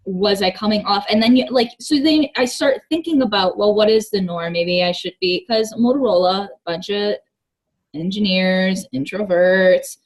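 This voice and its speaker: A woman guest speaking in a relaxed, reflective way during a casual conversation. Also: mid-range voice. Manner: slow, reflective, thoughtful. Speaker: guest, gym worker.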